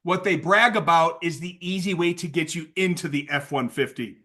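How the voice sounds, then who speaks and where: A man leading a sales training call, energetic and playful, acting out sales lines with lots of hype. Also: on the high side, moderate pace. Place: video call. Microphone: video call mic.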